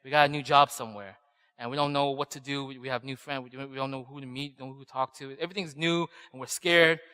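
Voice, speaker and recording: Man, 30s, pastor, casual storytelling sermon, bright tone, long hall reverb. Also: medium pitch, fairly even intonation, quick pace, clean tone. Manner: chatty storytelling, often asks "right?". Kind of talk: conversational sermon.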